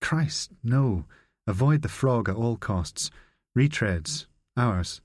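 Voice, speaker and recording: A man's voice: mid-range voice, lively intonation, takes it slowly, dry recording, clean studio sound. Marquand, a man voicing a brusque spy chief. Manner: brusque, profane, candid. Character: blunt senior male spy chief.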